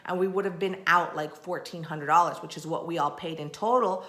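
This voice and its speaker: A woman's voice: on the low side, a little fast. Exasperated woman vlogger in an echoey room. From Texas. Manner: animated, acts out quoted people, exasperated rants. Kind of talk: casual storytelling.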